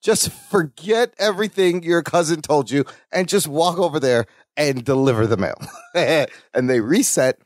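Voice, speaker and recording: A man's voice: on the high side, moderate pace, no echo, clean studio sound. A man co-hosting a podcast, recapping a sitcom episode in casual chat and acting out the characters' lines as he goes. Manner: animated retelling, acts out characters' lines. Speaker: podcast co-host.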